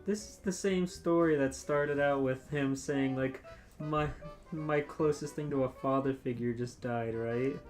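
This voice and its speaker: A man co-hosting a comedy podcast with wry, deadpan remarks. It is casual banter with faint music in the background. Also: mid-range voice, unhurried. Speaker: podcast co-host.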